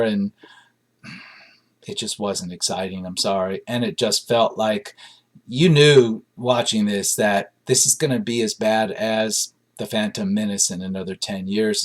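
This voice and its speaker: A man giving a casual spoken film review, rambling and dry, with frequent ums and side remarks. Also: lowish voice.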